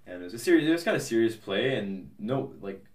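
A man's voice: fairly low pitch, big pitch swings, fast talker, roomy sound, distant mic. A young man as a podcast guest, chatting casually in a rambling, hesitant way with many fillers and restarts. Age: young adult. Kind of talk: casual interview chat.

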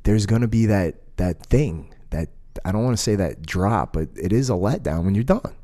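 A man's voice: lowish voice, normal speed. Casual, swearing man riffing on a podcast. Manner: rambling, profane, animated storytelling. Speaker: podcast co-host, jiu-jitsu school owner.

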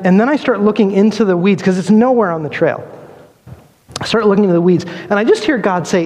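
Pastor, man, high-pitched voice, animated storytelling sermon in a reverberant church hall. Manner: animated storyteller, acts out quoted dialogue, laughs often. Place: church sanctuary.

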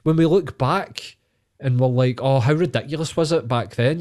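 A man's voice: mid-range voice, moderate pace, darkish tone. A man with a Scottish accent on a casual podcast, ranting and swearing heavily.

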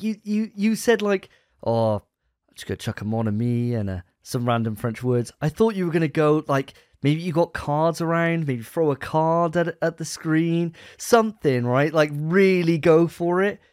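A man's voice: fairly high pitch, measured pace, darkish tone, dry recording, studio quality. A young man co-hosting a casual podcast, teasing his friends and stumbling over his words as he judges them. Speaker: podcast co-host. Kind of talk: casual banter among friends.

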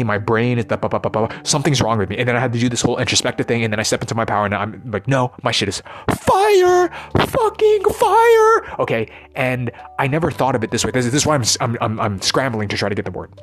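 A man's voice: mid-range voice, a bit bright. A man giving a rambling, profane, intense unscripted monologue as a vlogger.

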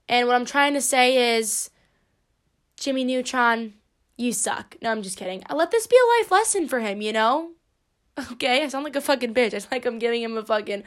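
A woman's voice: fairly high pitch, fairly bright tone. A young woman hosting her own podcast, talking in a rambling, playful and profane way. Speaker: podcast host. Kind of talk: casual solo podcast monologue.

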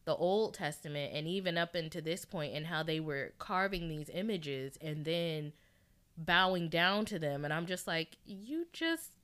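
A woman's voice: low voice, normal speed, a bit bright, smooth. A woman in a casual Bible study discussion, talking animatedly and acting out imagined quotes.

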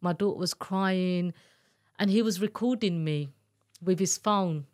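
A woman giving a candid, earnest account of her own past as an interview guest, halting and searching for words as she retells it. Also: lowish voice, darkish tone. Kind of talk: emotional personal testimony in an interview.

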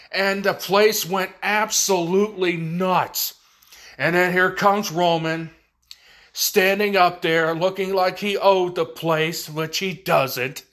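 High-voiced, unhurried sarcastic podcast host. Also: male voice. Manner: animated, sarcastic recapping. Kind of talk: casual wrestling commentary.

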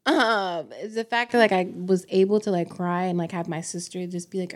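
A woman co-hosting a podcast, chatting in a playful and animated way and swearing casually. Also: fairly low pitch, moderate pace, hardly any pauses. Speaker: podcast co-host. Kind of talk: casual chat.

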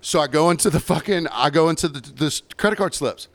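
A man's voice: on the high side, a little fast, dry recording. A man in casual chat telling a profane story about his bartending shift, acting out the voices of the people in it. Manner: animated, profane, acts out quoted voices.

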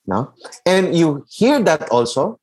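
A man's voice: fairly high pitch, big pitch swings, slow, a little mellow, husky. A man with a Filipino accent hosting a faith talk, switching between English and Tagalog and checking in with "di ba" and "okay". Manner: mixes English and Tagalog, asks the listener "di ba" and "okay". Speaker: podcast host giving a faith talk. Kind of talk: preaching-style talk.

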